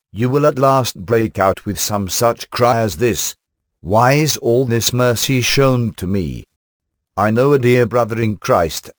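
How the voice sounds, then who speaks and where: Low-voiced man reading a formal sermon. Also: no echo, studio quality. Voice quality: formal, archaic phrasing, measured delivery. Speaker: preacher.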